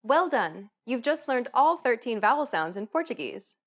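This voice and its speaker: A woman giving scripted narration for a pronunciation lesson, in a clear, even instructional delivery. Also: on the high side, normal speed.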